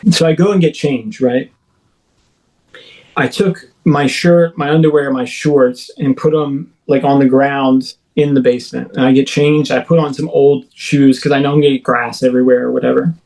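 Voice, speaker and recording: A man, a podcast guest, recounting his own experience in a rambling, filler-heavy way and acting out his own shouts as he retells it. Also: medium pitch, fairly even intonation, normal speed, rough recording. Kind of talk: first-person storytelling in a podcast interview.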